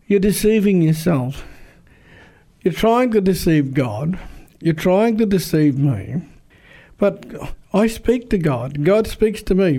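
A man's voice: a little high, warm tone. A man who is a pastor, telling a story in an earnest, repetitive preaching style and quoting conversations.

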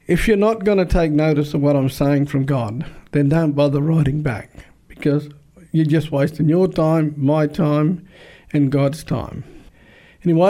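A man preaching as a pastor, recounting a conversation with earnest repetition. His voice sits slightly high for a man and sounds mellow and warm rather than bright. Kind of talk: sermon-style storytelling.

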